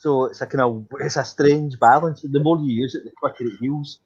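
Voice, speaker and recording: A man talks through his points plainly on a casual livestream. His voice is husky and mid-pitched. The sound is dull and lo-fi. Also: steady tone, fairly quick, darkish tone.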